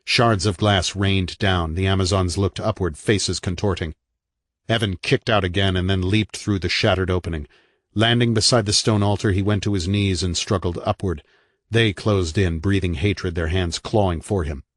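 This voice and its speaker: A man reading a horror novel aloud in a dramatic, measured narration. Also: low voice, fairly even intonation, dry recording. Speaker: audiobook narrator.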